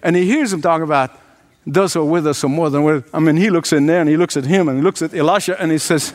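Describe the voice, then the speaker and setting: Brief: male preacher, high voice, earnest and emphatic, talks directly to the congregation. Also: fast talker. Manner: earnest, emphatic, often addresses listeners directly. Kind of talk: sermon.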